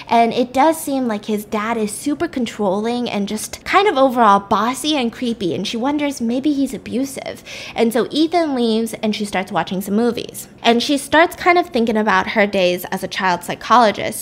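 A woman podcast host casually retelling a story, chatty and swearing, with asides to her listeners. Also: a little high.

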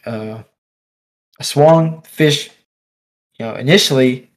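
A man swapping fishing stories in an easygoing chat, his voice sitting at an ordinary middle pitch. He talks in an animated, rambling way, full of "like" and "dude", and he laughs often. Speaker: podcast guest angler. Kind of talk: casual storytelling chat. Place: office.

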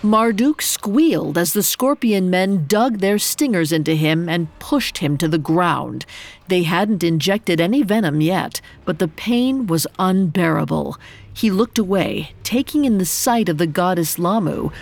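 A woman narrating a mythological story in a calm, measured scripted style. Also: lowish voice, gravelly.

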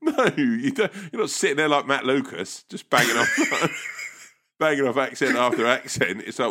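A man's voice: mid-range voice, big pitch swings, moderate pace, pauses often, sharp tone. A man in casual podcast banter, swearing freely and acting out little voices in his stories.

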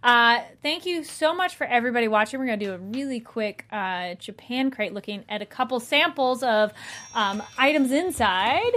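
A woman hosts a casual after-show chat and reads a sponsor segment, speaking at a normal speed in a fairly bright, somewhat high voice with lively intonation. She's chatty, with lots of fillers and hesitations.

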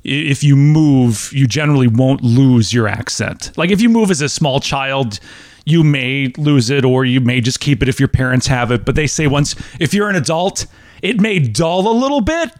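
A man's voice: medium pitch, moderate pace, no echo. A man hosting a running podcast, chatty and enthusiastic. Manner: enthusiastic, lively, chatty with restarts. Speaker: podcast host. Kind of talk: casual interview chat.

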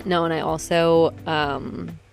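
A young East Coast American woman vlogs casually to camera, rambling, cutting herself off and laughing quickly at her own jokes. Her voice is deep, flat and creaky, with faint music behind her.

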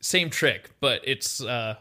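His mid-range voice takes things slowly. He's a young man co-hosting a casual podcast, narrating events with gusto and acting out what people said.

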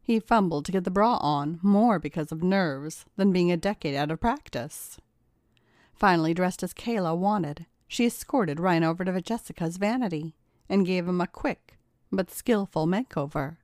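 A woman reading a story aloud in a steady, even narration. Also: lowish voice, moderate pace, no echo, clean studio sound. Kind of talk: scripted narration.

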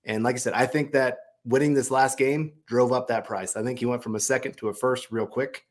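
A man's voice: mid-range voice, fairly even intonation, fairly quick. Conversational man breaking down sports news. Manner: conversational, explains reasoning at length. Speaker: podcast co-host. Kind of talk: casual sports analysis.

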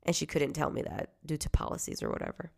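A woman telling a personal story about her son, in a conversational way that often drops to a hushed tone and turns animated when she is indignant. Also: low voice, quick pace, vocal fry.

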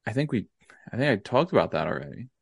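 A man's voice: medium pitch, big pitch swings, quick pace, creaky, slightly rough, dry recording, studio quality. A young man co-hosting a podcast, laid-back and rambling with lots of fillers in casual chat. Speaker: podcast co-host.

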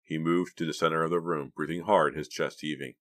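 A man narrating an audiobook in a steady, measured storytelling manner. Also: very deep voice. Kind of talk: scripted narration.

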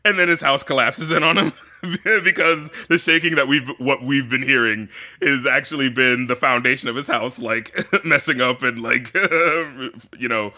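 Animated man retelling a film, bright voice. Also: mid-range voice, unhurried. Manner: animated storyteller, acts out characters, laughs often. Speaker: podcast co-host discussing a film. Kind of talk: casual chat, retelling a film scene.

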